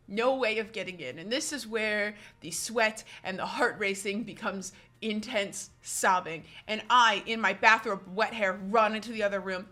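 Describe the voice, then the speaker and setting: A woman's voice: medium pitch, sharp tone. A young woman telling a story on her vlog, dramatic and self-mocking, acting out her own panicked lines.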